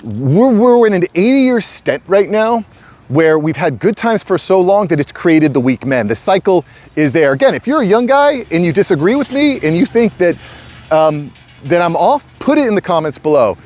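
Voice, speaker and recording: A middle-aged man hosts his channel, talking directly to the camera in a casual, emphatic and repetitive way and calling viewers "guys." His high voice is very animated and a little mellow, at a moderate pace.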